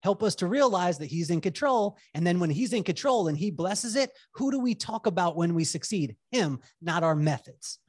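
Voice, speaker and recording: A man in his forties, a podcast guest, telling lively personal stories in casual chat and laughing as he goes. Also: high-pitched, normal speed, few pauses, dry recording, studio quality. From Southern California. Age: 40s. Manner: animated, laughs through stories, mimics voices in quotes.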